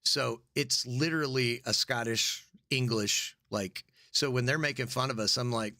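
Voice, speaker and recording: A man's voice: mid-range voice, moderate pace, few pauses, bright, forceful tone, dry recording, clean studio sound. An American man co-hosting a podcast in casual chat, joking crudely and riffing. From United States. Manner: joking, crude, mocks accents and puts on voices. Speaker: podcast co-host.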